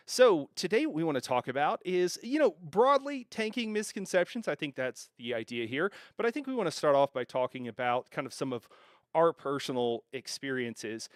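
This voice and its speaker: A man's voice: medium pitch, dry recording, studio quality. A man hosting a live gaming stream, chatting casually, laughing often and restarting phrases. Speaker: stream host.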